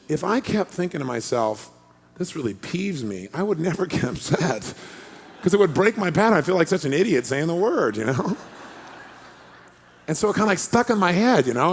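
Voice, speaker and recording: A man with a raspy, gravelly voice tells a story to an audience, swinging his pitch widely as he goes. He sounds energetic and acts out the lines of the people in his story. The recording carries the long reverb of a large hall. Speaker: motivational speaker. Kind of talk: animated motivational talk with acted-out quotes.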